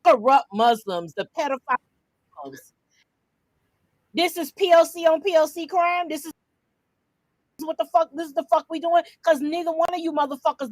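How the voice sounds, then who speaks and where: A woman co-hosting a podcast, ranting in a brash, loud and profane way in heated casual commentary. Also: high voice, expressive, moderate pace, dry recording, low-quality recording. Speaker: podcast co-host.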